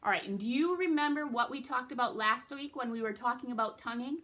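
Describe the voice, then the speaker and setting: A woman with a bright, clear-toned voice leads a beginner recorder lesson. She talks patiently, guiding step by step and checking in often to keep the class with her. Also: fairly high pitch, a little fast. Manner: patient, encouraging, checks in with frequent okays. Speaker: music teacher.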